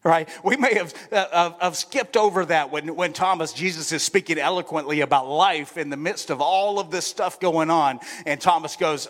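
Speaking at a moderate pace with few pauses, a male pastor delivers a conversational sermon in a church sanctuary, repeatedly checking in with "right?" His voice is a little high and a bit bright, with long church-hall reverb.

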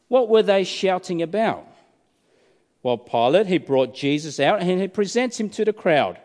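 A man's voice: a little high, darkish tone. A male preacher giving a sermon, telling a story dramatically and asking many rhetorical questions. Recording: reverberant hall.

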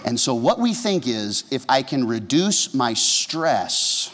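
A man's voice: mid-range voice, very animated, takes it slowly, fairly bright tone, slight background noise. A man, a pastor, preaching a humorous, conversational sermon and asking the congregation questions. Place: church sanctuary. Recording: long church reverb.

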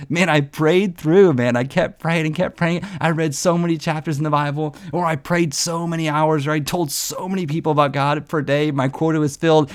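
A man with a slightly raised pitch gives devotional teaching in a loose, chatty manner. He tells personal stories earnestly and leans on "man" as a filler. His delivery feels like a friendly talk, not a formal sermon. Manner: storytelling, earnest, peppers speech with "man". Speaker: devotional podcast host.

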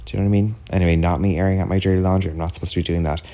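An Irish podcast host with a low-pitched, dark, level voice tells a story rapid-fire in casual solo chat. He rambles chattily, full of "like" and "do you know what I mean".

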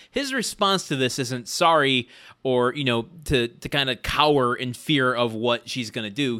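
A man's voice: medium pitch, pushed and bright. A man co-hosting a podcast, talking through a film in wry, incredulous casual chat. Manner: wry, incredulous, laughs often. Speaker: podcast co-host reviewing a film.

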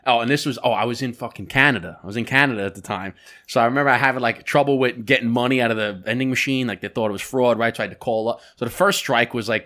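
Male podcast co-host, casual storyteller, animated and profane, acts out his own reactions. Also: mid-range voice.

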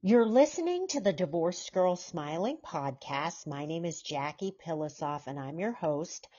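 A woman's voice: on the low side, expressive, unhurried, dark tone, breathy edge. A woman hosting a podcast and interviewing her guest in an eager, enthusiastic, affirming way. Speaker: podcast host. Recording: dull lo-fi sound.

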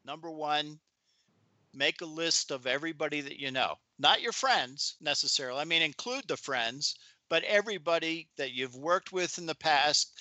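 A man in his seventies, a podcast guest and author, telling animated stories in a chatty interview. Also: fairly high pitch, no echo. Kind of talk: anecdotal storytelling in an interview.

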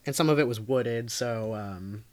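A woman's voice: a bass voice, unhurried. A woman co-hosting a podcast, casually telling a true crime story with lots of fillers and frequent laughs. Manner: laid-back, laughs often, lots of fillers.

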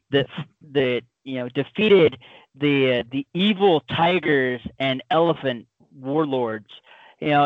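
A man's voice: mid-range voice, no echo, muffled recording. A man in casual podcast chat, talking enthusiastically and rambling with many fillers.

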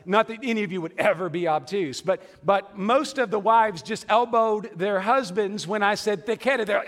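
A man's voice: high-pitched, animated, moderate pace, fairly bright tone. A middle-aged man preaching a sermon in a church, conversational and humorous, with asides to the congregation. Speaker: pastor. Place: church sanctuary. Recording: long hall reverb.

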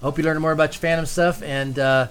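A man's voice: a little high, steady tone, fast talker, a bit bright. A man co-hosting a live podcast show, upbeat and rambling with many fillers. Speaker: podcast co-host. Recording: live room with crowd noise.

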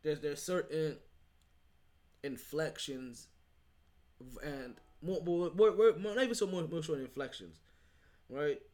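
A man's voice: fairly high pitch, measured pace, long pauses, darkish tone. A man hosting a sports podcast solo, talking casually and emphatically, rambling with restarts and asking "right?" often. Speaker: podcast host.

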